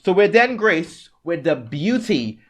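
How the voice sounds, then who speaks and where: Animated gushing man, lively pitch. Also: measured pace. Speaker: podcast co-host. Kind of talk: casual chat.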